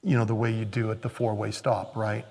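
A man preaching a sermon as a pastor, in a conversational way that swings between emphatic bursts and hushed, quiet asides. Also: fairly low pitch, flat delivery, brisk, creaky, slight background noise.

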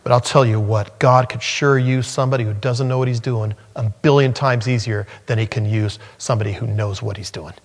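A male pastor delivers an earnest sermon with a mid-pitched voice that jumps up when he acts out scripture. His voice carries a long reverb through the church hall. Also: brisk, few pauses. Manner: earnest, animated preaching that rises sharply when acting out scripture.

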